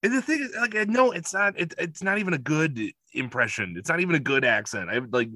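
Bright-voiced joking man. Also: a little high, no room sound. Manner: animated, joking, quick to correct himself. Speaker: podcast co-host. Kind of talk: casual chat.

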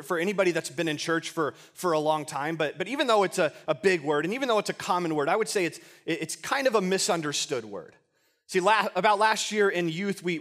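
A young youth pastor gives a casual sermon to a youth group in relaxed slang, often stumbling and repeating words. His voice is fairly high-pitched.

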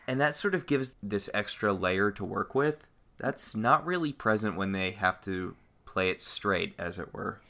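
A man's voice: on the low side, lively intonation, unhurried, pushed and bright. A man from the United States co-hosting a podcast, picking apart a TV episode in a thoughtful, analytical way. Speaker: podcast co-host. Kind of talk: casual chat recapping a TV episode.

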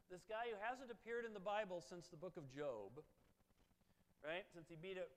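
A man giving a sermon in a conversational, joking way, with asides to his listeners. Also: high-pitched. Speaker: preacher. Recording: long reverb of a large hall.

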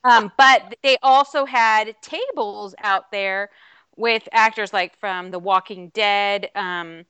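A woman's voice: medium pitch, takes it slowly, fairly bright tone, clear, resonant tone, no room sound. A woman co-hosting a podcast, telling a rambling, chatty story with lots of fillers in casual chat. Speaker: podcast co-host.

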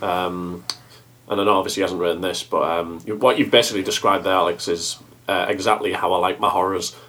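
A man on a film podcast, chatting quickly and casually with plenty of fillers. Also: low voice, fairly even intonation, fairly bright tone, a little hiss or hum. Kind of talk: casual chat.

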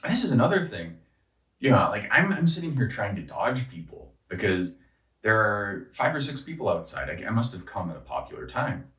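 A man with a very deep voice rants in a loose, exasperated way, swearing freely and circling back on himself. His pitch swings widely as he gets worked up. He sounds set back from the mic in a roomy, echoing space. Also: sing-song, brisk, a bit bright, distant mic. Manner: profane, exasperated, rambling with restarts. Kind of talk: casual rant.

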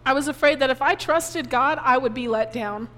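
A woman pastor preaching a sermon, giving an emotional personal testimony while crying softly. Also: high-pitched, normal speed. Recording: long reverb of a hall.

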